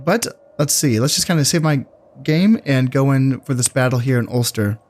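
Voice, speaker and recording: A man casually commentating his strategy game, thinking aloud in a relaxed, musing way with fillers. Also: mid-range voice, normal speed. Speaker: gameplay commentator. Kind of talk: casual let's-play commentary.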